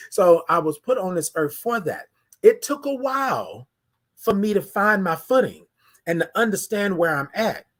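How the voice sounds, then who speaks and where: Man, high-pitched voice, live-stream host, heartfelt preacher-like delivery, reads viewer comments. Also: a bit bright. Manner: emotional, preacher-like cadence with many "right?" asides. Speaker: host of a morning live show.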